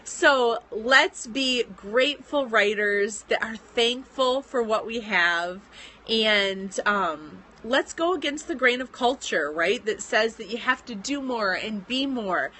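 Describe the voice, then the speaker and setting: A bright, fairly high-voiced woman in her thirties talks to her viewers in a casual live stream. She sounds earnest and encouraging, chatty with little fillers as she urges fellow writers on. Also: expressive, slow. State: pregnant.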